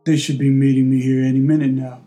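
A mild-mannered traveling doctor, voiced by a man, speaks in a polite, matter-of-fact way. His voice is mellow and soft, with faint music underneath. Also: medium pitch, level tone, fast, natural voice.

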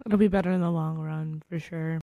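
A young woman co-hosting a podcast, chatting casually with quick, teasing, playful interjections. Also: low voice, fairly even intonation, mellow, no echo, clean studio sound. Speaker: podcast co-host. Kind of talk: casual chat.

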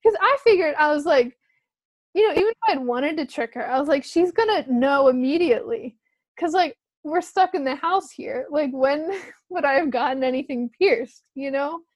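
Chatty high-voiced young woman. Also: lively intonation, normal speed, no echo. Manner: chatty storyteller, many "like"s, laughs often. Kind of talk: casual chat.

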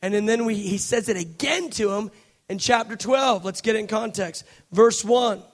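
Very high-voiced passionate male preacher. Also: normal speed. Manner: passionate, swings between hushed and shouting. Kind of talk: sermon.

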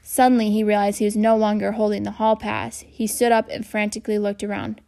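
A woman narrating a children's novel aloud in a steady reading voice. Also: medium pitch, a little fast, gravelly. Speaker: audiobook narrator.

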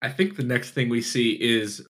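A man co-hosting a casual talk show, recapping in a relaxed way and chuckling often. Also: mid-range voice, normal speed. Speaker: podcast co-host. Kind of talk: casual chat.

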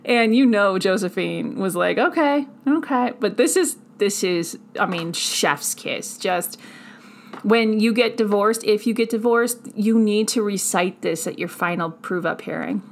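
A woman hosting a history podcast, animated and quick to laugh, reading old quotes aloud with sassy asides. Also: mid-range voice, gravelly, slight background noise. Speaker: podcast host. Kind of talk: casual history podcast commentary.

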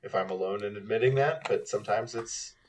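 Guy on a faith podcast, lowish voice, lots of uh and um, sounds a bit off mic. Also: a little fast, recorded from a distance, slight background noise. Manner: hesitant, many fillers and restarts. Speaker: podcast co-host. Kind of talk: casual faith podcast chat.

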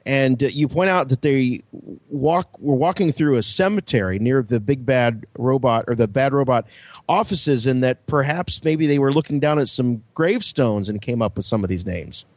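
Halting male podcast co-host, dry sound. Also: medium pitch, animated, darkish tone, no room sound. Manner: halting, searching for words. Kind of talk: casual podcast interview.

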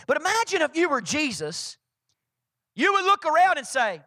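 A man preaching a sermon as pastor, emphatic and animated, repeating his key lines. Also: very high-pitched, moderate pace, dry recording.

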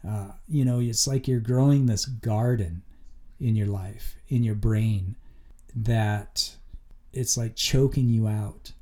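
An earnest man speaks in a relaxed, mellow tone, reflecting on his own experience in a loose, conversational way. His talk is casual and full of little fillers, like a personal monologue from a show he hosts. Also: on the low side, slow. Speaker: podcast host.

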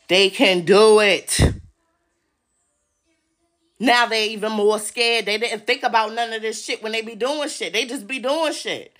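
A woman with a somewhat high voice delivers a heated solo podcast rant. She swears constantly and talks straight to her listeners in an agitated, insistent way. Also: measured pace, a bit bright. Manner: profane, agitated, addresses listeners directly. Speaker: podcast host.

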